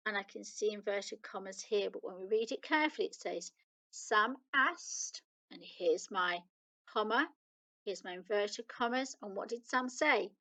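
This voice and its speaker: A woman with a British accent teaches young children in a recorded lesson. She reads each example slowly and patiently. Her mid-pitched voice carries a gravelly edge. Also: a bit bright, poor audio. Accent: British English. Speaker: primary school teacher.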